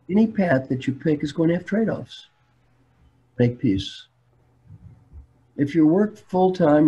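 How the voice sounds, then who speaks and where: A man's voice: medium pitch, dark tone, husky. An older man speaking as a coach in a webinar, telling stories in a plain, repetitive way. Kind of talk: webinar talk. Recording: dull webinar audio.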